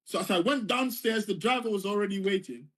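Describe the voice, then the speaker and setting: Man, fairly high voice, earnest storytelling, repeats phrases. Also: a little fast, fairly bright tone. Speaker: former foreign service official telling his story. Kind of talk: personal storytelling monologue.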